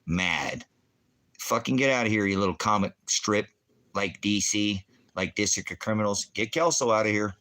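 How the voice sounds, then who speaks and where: A man's voice: fairly low pitch, lively intonation, normal speed. A middle-aged man and veteran hosting a ministry livestream, ranting angrily and cursing at commenters in a combative way. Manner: profane, combative, shouting insults at chat. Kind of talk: angry livestream rant.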